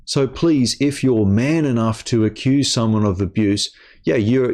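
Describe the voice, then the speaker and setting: Slow-talking exasperated man ranting. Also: mid-range voice, expressive, a little mellow. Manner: exasperated, swearing, stammering repeats. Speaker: gaming channel host. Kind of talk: angry personal rant to camera.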